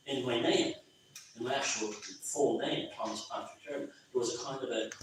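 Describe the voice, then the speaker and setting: Irish man, loose rambling talk, lively pitch, very echoey distant room recording. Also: background noise. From Ireland. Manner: rambling, conversational, many restarts. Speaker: author speaking at his book launch. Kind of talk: informal public talk. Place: pub function room.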